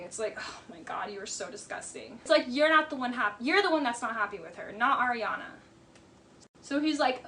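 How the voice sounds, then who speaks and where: A woman's voice: on the high side, quick pace, pushed and bright. A woman giving casual, emphatic commentary on a reality TV episode, often exasperated and mimicking the people she quotes.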